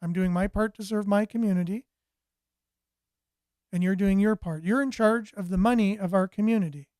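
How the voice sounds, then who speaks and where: A man's voice: high-pitched, moderate pace, a little mellow, no room sound, clean studio sound. A man hosting a commentary show, ranting sarcastically with a stream of rhetorical questions. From Canada. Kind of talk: political commentary monologue.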